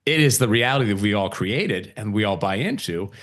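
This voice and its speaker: A man's voice: on the low side, brisk. A middle-aged man hosting a podcast, talking casually about meditation, laughing often and acting out what people say. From Italian heritage. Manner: relaxed, laughs often, acts out quoted voices. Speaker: podcast host. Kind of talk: casual spiritual conversation.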